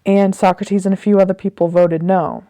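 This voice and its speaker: A woman's voice: mid-range voice, level tone, moderate pace, warm tone, no echo. A woman musing casually about a book she is reading, rambling and thinking aloud as she goes. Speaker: host reflecting on a reading. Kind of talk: casual spoken commentary.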